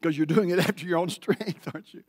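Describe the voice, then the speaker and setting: High-voiced man preaching a sermon. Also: quick pace, husky. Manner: preaching with call-and-response to the congregation; rises to loud, emphatic declarations. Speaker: pastor. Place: church sanctuary.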